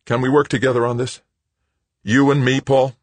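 A man voicing an eager, scheming businessman who pushes his deal with quick, emphatic lines. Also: medium pitch, little pitch movement, no room sound, pitched above the performer's own voice, close to an everyday voice. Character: eager scheming businessman son, adult male.

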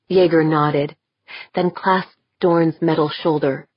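Brief: husky female narrator, low and unhurried, dry close read. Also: no room sound. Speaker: audiobook narrator. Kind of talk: scripted narration. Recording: dull, muffled audio.

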